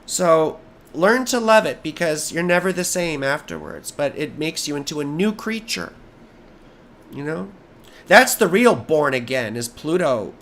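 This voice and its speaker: A hoarse American man doing a live astrology chart reading, rambling and easily sidetracked, with jokey asides. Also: on the high side, very animated, a little slow, a bit bright.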